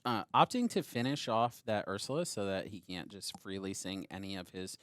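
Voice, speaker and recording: A man commentates on a card game match, explaining each play step by step. His voice sits fairly low, and the sound is dry and close to the mic. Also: expressive, normal speed, dry recording. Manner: explanatory, walks through plays step by step.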